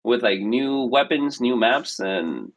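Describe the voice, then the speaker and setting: A man co-hosting a casual podcast, talking hesitantly with many pauses and fillers over a remote call. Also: medium pitch, animated, poor audio. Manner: hesitant, many ums and uhs. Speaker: podcast co-host.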